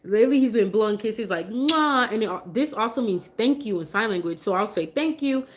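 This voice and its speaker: A woman's voice: mid-range voice, a little fast, a little hiss or hum. A mother chatting casually on a live stream, open and emotional, turning sing-song when she coaxes her toddler.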